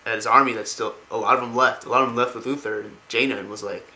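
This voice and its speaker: A man's voice: mid-range voice, steady tone, quick pace, bright, forceful tone, poor audio. A man casually retelling video game lore, rambling with many fillers.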